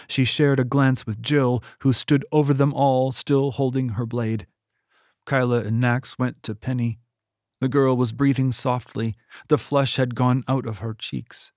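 A man reading his own novel aloud in steady audiobook narration. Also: medium pitch, measured pace, no room sound, studio quality. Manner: steady, even storytelling.

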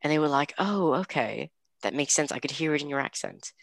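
A teenage guy chatting on a podcast in a put-on British accent, his voice a little gravelly with fry. He rambles playfully with lots of fillers and boasts about himself. The sound is dry and close. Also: on the high side, lively intonation, fairly quick, a bit bright, no room sound. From United States. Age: teens. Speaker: podcast co-host. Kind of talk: casual podcast chat.

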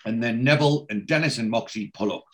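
A man's voice: medium pitch, quick pace, fairly bright tone. A man hosting a casual podcast, retelling a TV episode scene by scene. He slips into the characters' lines without much change of voice and fills the gaps with ums and restarts. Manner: reads out character lines in a plain retelling voice, many fillers. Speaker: podcast host recapping a TV episode.

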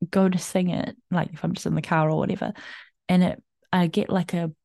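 A woman's voice: fairly low pitch, level tone, brisk, gravelly, warm tone, no room sound, studio quality. A young adult woman hosting a podcast, telling a personal story in a chatty, rambling way with many fillers, restarts and laughs. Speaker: podcast host.

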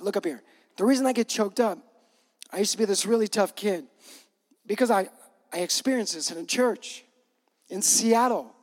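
A man's voice: high-pitched, darkish tone. A middle-aged male pastor giving a conversational, emphatic sermon with repeated punch lines. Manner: gets choked up, laughing through emotion.

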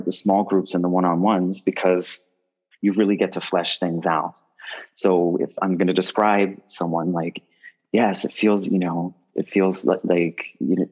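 A man, a guest medium, talks casually in an interview, rambling, often restarting his phrases and getting animated when he tells stories. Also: low-pitched, muffled recording.

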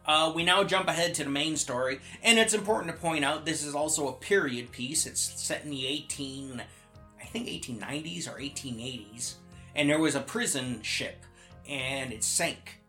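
A man co-hosting a podcast, casually recapping a horror movie plot and tossing in quick character voices. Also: fairly high pitch, bright, forceful tone, soft background music. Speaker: podcast co-host. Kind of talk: casual movie review chat.

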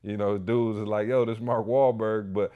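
A man co-hosting a podcast, telling a story in a casual, animated way full of "you know" and "like". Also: on the low side, normal speed, narrow, tinny audio. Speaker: podcast co-host.

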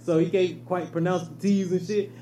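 A man's voice: sits high, little pitch movement, moderate pace, dark tone. A man telling stories in casual, profane chat, laughing often. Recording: echoey room, faint noise.

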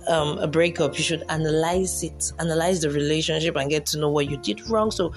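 A young woman vlogger gives relationship advice in a casual storytelling monologue, speaking a little fast in a low voice over soft background music. She acts out her own past self in quotes and laughs often.

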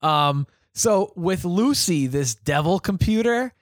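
A man with a slightly high voice co-hosts a casual review chat. He is excitable, jumping in with quick bursts and trailing asides. The sound is dry and close. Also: dry recording. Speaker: podcast co-host.

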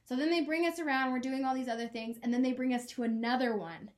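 Woman, twenties, podcast co-host, earnest, emotional storytelling, fairly high voice. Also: fairly even intonation, a little mellow. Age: 20s. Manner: earnest, emotional, quick laughs. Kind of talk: casual chat, personal story.

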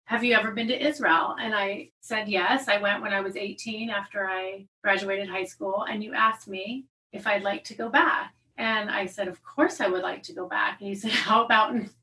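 A woman's voice: mid-range voice, moderate pace, hardly any pauses, recorded from a distance, poor audio. A woman in her fifties, a hairdresser, telling a story in casual conversation and acting out the dialogue. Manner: animated storyteller, acts out quoted dialogue. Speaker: hairdresser and salon owner.

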